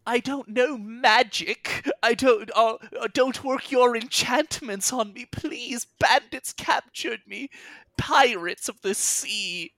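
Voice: mid-range voice, slow, bright, forceful tone, no echo, pitched above the performer's own voice. A game master voicing a scheming old hag who pretends to be a helpless, frightened old woman, with a pleading, quavering voice.

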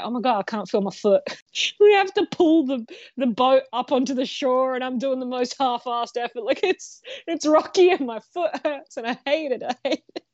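A woman co-hosting a podcast, telling a story in a casual, animated way, laughing often and swearing freely. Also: on the high side, no echo, lo-fi sound. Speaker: podcast co-host.

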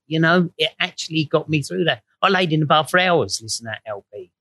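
A man's voice: a little high, lively intonation, fast, few pauses, sharp tone, no room sound. A man with a slightly raised voice tells stories in a loose, sweary way, slipping into quoted voices as he goes. The sound is dry and close, with no room around it. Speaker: guest. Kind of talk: casual storytelling chat.

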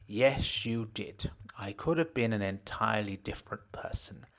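A man reading an audiobook, voicing a bitter, resentful middle-aged mother in a flat, cutting, quiet voice. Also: fairly low pitch, normal speed. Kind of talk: audiobook narration.

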